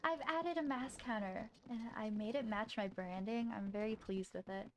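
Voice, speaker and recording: A young woman streaming games, chatting casually with her viewers, excitable and quick to swear, gasp and shriek. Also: mid-range voice, slight background noise. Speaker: game streamer. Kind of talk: casual live-stream chat. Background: faint game music.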